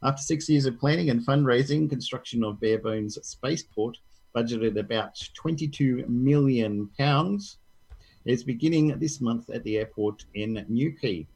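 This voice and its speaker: A man co-hosting a tech news podcast, reading stories aloud and dropping jokes between them. His voice has a gravelly edge and a husky, slightly breathy texture. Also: mid-range voice, moderate pace, a little mellow, rough recording. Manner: reads news articles aloud, joking. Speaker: podcast co-host. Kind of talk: casual tech news chat.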